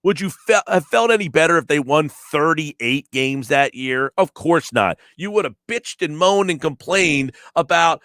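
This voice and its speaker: A sports radio host rants on, sarcastic and emphatic, his fairly high voice swinging widely in pitch. He sounds close and dry on a studio microphone. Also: expressive, measured pace, hardly any pauses, a bit bright, dry recording. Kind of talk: opinionated sports talk radio.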